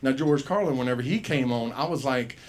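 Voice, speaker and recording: This male open-mic host speaks a little fast in a mid-range voice, using a handheld mic in a comedy club. He does a loose stand-up set that is profane and wandering, performing voices for the quoted bits.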